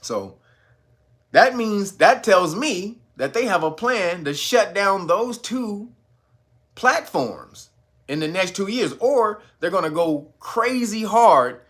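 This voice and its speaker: Laughing frequently, a channel host delivers casual, foul-mouthed commentary and imitates a stiff, slow speaker in a low voice. His own voice is a bit bright, with lively intonation.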